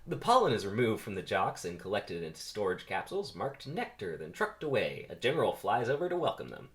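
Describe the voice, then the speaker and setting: A man's voice: on the low side, big pitch swings, brisk, hardly any pauses. A man casually reading stage directions aloud on a first, unrehearsed read. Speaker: script reader.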